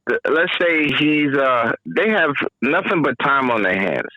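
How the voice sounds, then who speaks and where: A man's voice: a little high, sing-song, measured pace, no room sound, lo-fi sound. Matter-of-fact man telling prison stories. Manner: matter-of-fact, repeats phrases for emphasis. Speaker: podcast guest, former corrections officer. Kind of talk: casual podcast storytelling.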